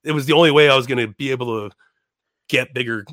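A young man from Chicago, a podcast guest, telling stories in a loose, animated way, laughing often, swearing, and restarting his sentences. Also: medium pitch, fast, dry recording, clean studio sound. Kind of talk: casual storytelling chat.

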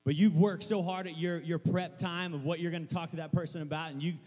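A young man preaching a sermon in a church, rambling and excitable, stumbling over restarts and breaking into shouts. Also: a little high, fast talker, in a large hall. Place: church hall.

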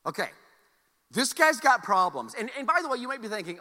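A man preaching in a high, animated voice that swings widely in pitch. His tone is bright and forceful, and the sound carries the long reverb of a big church hall. He keeps a loose, joking delivery and repeats words as he restarts. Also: fast. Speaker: pastor. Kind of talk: sermon.

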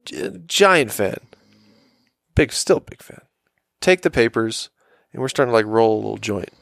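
A man's voice: fairly low pitch, lively intonation, moderate pace, creaky, a bit bright, no echo, studio quality. A man in his twenties telling a rambling, profane story in a casual podcast chat. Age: 20s. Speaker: podcast co-host.

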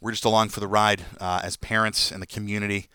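Boston-accented man, low and crisp. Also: level tone, quick pace, sharp tone, no echo, clean studio sound. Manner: rambling, many "uh" fillers. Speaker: podcast guest. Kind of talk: casual chat.

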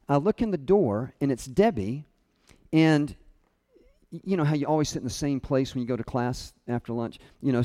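A middle-aged man giving a storytelling sermon, self-deprecating and funny, chuckling often and dropping his voice soft and low at tender moments. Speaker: speaker at a college chapel.

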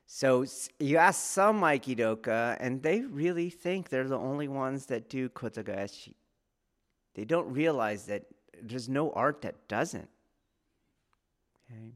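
In a mid-range voice, a man gives an informal lecture on martial arts, speaking conversationally and frequently checking that his listeners are following.

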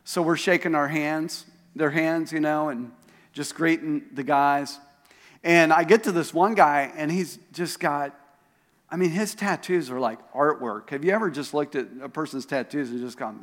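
During a sermon, a man with a fairly high voice and a moderate pace tells a story, playing out the voices of those he quotes with lots of animation. He's a pastor, captured live in the echoing hall of a church auditorium.

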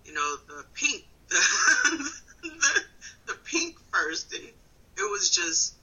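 Wisconsin woman in her thirties, comic storyteller, animated and giggly, wide pitch swings. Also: slow pace, breathy edge, muffled recording. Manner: animated, laughing often, swings between loud and quiet. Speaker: comedian guest. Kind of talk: casual storytelling on a phone call. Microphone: phone call.

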